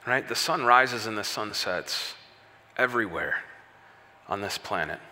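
A man preaching a sermon, telling the story with lively rhetorical questions. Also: fairly low pitch, a little slow. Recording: echoey hall reverb.

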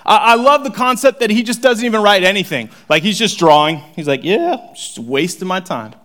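A man preaching a sermon, animated and conversational, swinging from loud excitement to hushed near-whispers. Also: high-pitched, a little fast. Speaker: pastor.

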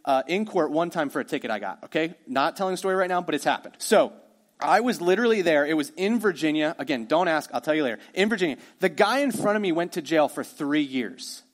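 A man preaching a sermon as pastor, energetic and conversational, with quick asides to the congregation. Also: a little high.

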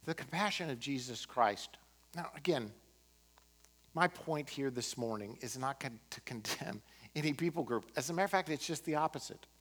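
A man preaching a sermon as pastor, impassioned, swinging from emphatic peaks to quiet, earnest moments. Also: mid-range voice, lively intonation, moderate pace. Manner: impassioned, rising to emphatic peaks then dropping to quiet prayer.

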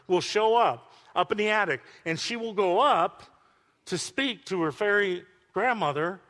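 Older male pastor, bright higher voice, emphatic storytelling sermon, long hall reverb. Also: gravelly. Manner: emphatic storytelling preacher, chatty asides to congregation.

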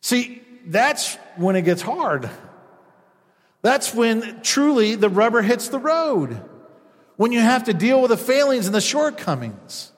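A man's voice: extremely high pitch, very animated, takes it slowly, in a large hall. A man preaching a sermon as a pastor, acting out quoted voices as he goes.

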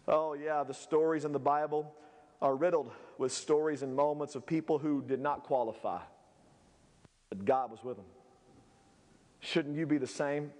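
A male pastor preaching a sermon, swinging between shouted peaks and low, quiet asides. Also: fairly even intonation, moderate pace, long pauses, in a large hall.

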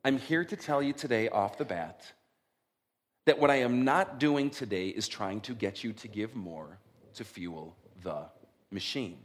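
A middle-aged male pastor preaching a sermon in an animated, conversational way, often checking in with his listeners. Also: mid-range voice, normal speed. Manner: conversational, animated, frequent "right?" check-ins.

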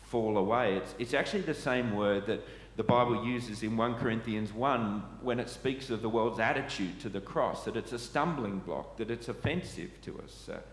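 A man preaches a sermon in church, earnestly putting questions to his listeners. His voice is fairly low, at normal speed with few pauses. The echoey church hall carries faint ambient noise.

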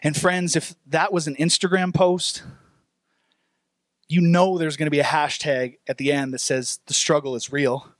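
Young male pastor, high tenor, lively preaching with direct questions to the congregation, dry sound. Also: normal speed, dry recording. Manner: animated preaching, reads scripture aloud, asks the congregation questions. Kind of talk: sermon.

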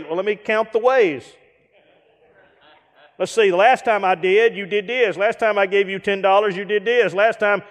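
A middle-aged man preaching a sermon, animated, with acted-out asides and rhetorical questions. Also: sits high, brisk. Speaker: guest preacher. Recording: reverberant hall.

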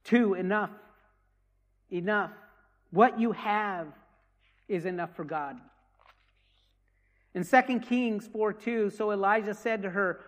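A man's voice: sits high, slow pace, long pauses, a bit bright. A man giving an earnest testimony talk for his ministry, telling stories with many restarts. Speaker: ministry leader. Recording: long hall reverb.

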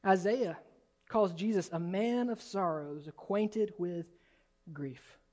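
Guy preaching a sermon, high voice, gets loud then goes real quiet. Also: takes it slowly. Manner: animated, swings from soft and low to loud and high. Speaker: pastor. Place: church sanctuary.

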